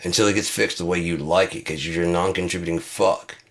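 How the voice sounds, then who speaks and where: A man's voice: low voice, steady tone, a little fast. A man hosting his own channel, swearing through an angry rant and acting out both sides of arguments himself. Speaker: channel host. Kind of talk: angry ranting monologue.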